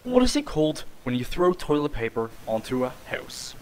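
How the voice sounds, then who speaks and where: A man putting on a familiar-sounding accent, reading a word list one word at a time in a raised, loud voice. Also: fairly high pitch, very animated, moderate pace, slight background noise, voice pushed up, rough recording. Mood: reciting.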